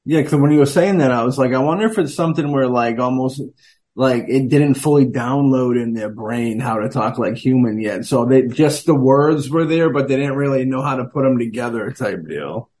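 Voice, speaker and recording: A man with a middle-pitched voice hosts a casual chat. He sounds relaxed and thinks out loud as he talks. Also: moderate pace.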